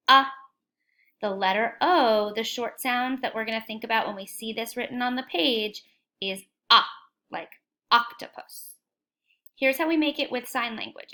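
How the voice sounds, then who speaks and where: A woman teaching a phonics lesson to young children, cheerful and encouraging, asking questions and sounding out letters slowly and clearly. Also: a little high, a bit bright.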